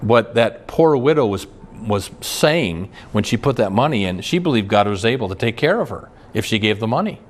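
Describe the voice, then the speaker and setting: A man's voice: on the low side, lively intonation, moderate pace. A man preaching a sermon as pastor, folksy and storytelling, with homespun jokes and some stumbling restarts. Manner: folksy, tells jokes and stories, frequent restarts.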